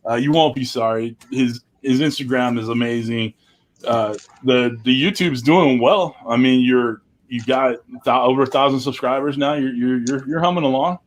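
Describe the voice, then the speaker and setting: A man's voice: mid-range voice, moderate pace. A man hosting a casual live-stream chat, laid-back and self-deprecating, with casual swearing. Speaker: host.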